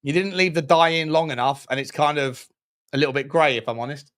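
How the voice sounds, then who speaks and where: A man streaming a football watchalong, giving running commentary on the game with jokes and shout-outs to viewers. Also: a little high, a little fast. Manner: jokey, excitable, chats with viewers between plays. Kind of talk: live match commentary and chat.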